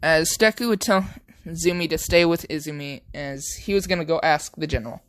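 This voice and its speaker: A man's voice: on the high side, fairly quick, fairly bright tone, clean tone, no room sound. A young man casually narrating an improvised fan story, rambling with many fillers.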